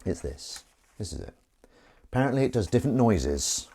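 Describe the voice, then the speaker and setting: Rambling, animated man streaming live. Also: mid-range voice, moderate pace, husky. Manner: rambling, self-mocking and animated. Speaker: livestream host. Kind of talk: casual live-stream chat. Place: outdoors in wind.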